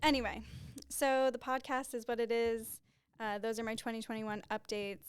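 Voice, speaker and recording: A woman in her twenties hosts a casual solo podcast in a small studio with a white backdrop, rambling and openly emotional. She speaks into a podcast microphone at a moderate pace, in a slightly high, smooth voice with flat delivery. There is no echo.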